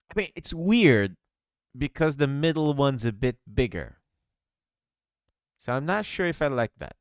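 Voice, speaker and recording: This game dev tutorial host chats through a casual screen recording, reasoning out loud and chuckling at his own expense. He speaks at medium pitch with big swings, a little slowly, leaving long pauses. His tone is smooth, and the studio recording is clean without room sound.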